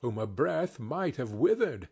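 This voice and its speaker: A gentle, solemn spirit from a storybook reading speaks in a low, measured way, as a man puts it on. The voice is slightly husky, and the pace is unhurried. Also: big pitch swings, heavily acted. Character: gentle solemn ghost of Christmas Past, spirit.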